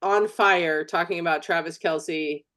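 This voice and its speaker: A woman's voice: on the low side, unhurried, a bit bright. Blunt, emphatic woman co-host. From United States. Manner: blunt, emphatic, swears freely. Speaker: podcast co-host. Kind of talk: casual chat.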